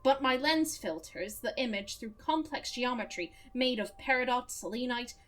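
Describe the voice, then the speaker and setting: A woman's voice: fairly high pitch, moderate pace, a bit bright, a little hiss or hum, close to an everyday voice. A woman voicing a middle-aged male doctor in a video game, in a put-on Irish accent, speaking in an earnest, precise, lecturing way. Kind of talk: reading game dialogue aloud.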